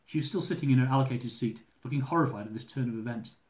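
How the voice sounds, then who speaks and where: A man reading his own humorous travel memoir aloud, lively and dramatic, with comic swearing. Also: mid-range voice, quick pace. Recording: roomy echo.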